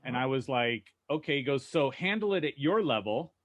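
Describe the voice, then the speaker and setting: A man co-hosting a podcast, telling lively anecdotes and acting out what people said. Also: medium pitch, normal speed. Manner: animated anecdotes, acting out quotes. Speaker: co-host. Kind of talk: casual podcast storytelling.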